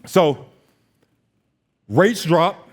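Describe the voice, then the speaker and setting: Animated young man telling his story. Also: on the high side, extremely slow. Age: 20s. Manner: animated storytelling, acts out dialogue. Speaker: notary business owner. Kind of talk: motivational stage talk.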